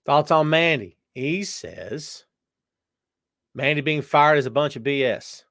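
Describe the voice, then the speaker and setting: A man speaks slowly as he hosts a casual live stream, reading out chat names and calling viewers "brother" and "my friend." He moves between loud exclamations and low asides, captured in clean studio sound with no echo.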